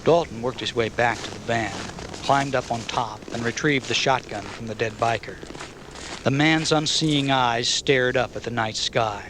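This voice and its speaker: A man narrating an audiobook novel in a measured, even storytelling manner. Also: mid-range voice, noisy background.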